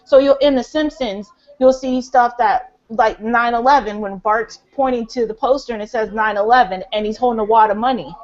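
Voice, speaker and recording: A woman's voice: on the high side, moderate pace, hardly any pauses. A woman ranting in a casual, rambling way on a group call, with lots of fillers and restarts. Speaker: caller in a group voice chat. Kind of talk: casual conspiracy rant. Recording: dull lo-fi online call audio.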